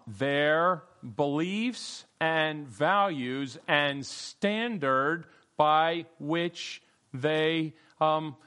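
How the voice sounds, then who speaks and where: A middle-aged man teaches a Bible study class in a loose, playful way, calling on students one by one. His voice sits a little high for a man, and he fills his pauses with ums and uhs. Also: fairly bright tone, smooth. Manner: playful, calls on students by name, many fillers.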